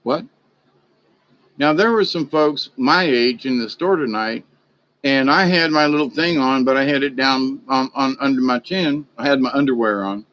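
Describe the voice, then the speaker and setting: This vlogger speaks at medium pitch and a moderate pace, and the recording sounds muffled. His talk wanders in a folksy, chatty way, livening up as he acts out past conversations.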